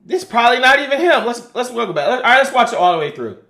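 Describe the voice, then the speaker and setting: A man streaming and reacting to clips in casual, profane, animated chat, often laughing. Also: very high-pitched, fast, reverberant.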